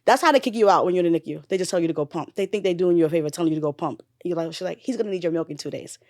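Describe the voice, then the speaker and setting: Candid, animated woman telling her story. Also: fairly low pitch, very fast, no echo, clean studio sound. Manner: candid and animated, with blunt slang and swearing. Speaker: mother sharing her son's story. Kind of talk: casual interview storytelling.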